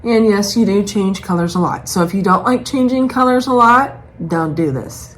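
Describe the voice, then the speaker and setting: A woman's voice: mid-range voice, normal speed, poor audio. A woman in a casual home vlog, chatting in a rambling, self-mocking way about her stitching projects. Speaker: cross-stitch vlogger. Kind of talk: casual chat. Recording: faint background noise.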